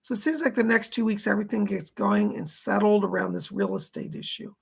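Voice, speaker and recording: Running a live psychic stream, this man speaks in a rough, gravelly rasp, hoarse from a dry throat. His tone stays steady and he talks a little fast, passing along messages from spirits and calling out viewers by name to thank them.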